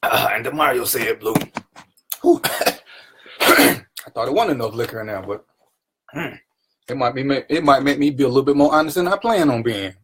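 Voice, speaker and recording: A man's voice: mid-range voice, lively intonation, moderate pace, long pauses, fairly bright tone, a little hiss or hum. A man hosting his own live stream, greeting viewers by name and teasing them in casual, playful banter. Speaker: livestream talk show host.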